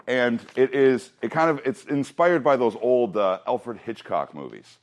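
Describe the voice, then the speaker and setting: A man teaching a Bible class in a relaxed, conversational way. His voice sits at an ordinary middle pitch. He keeps turning to the room with questions and small jokes. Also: measured pace, a little hiss or hum. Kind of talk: casual teaching to a group.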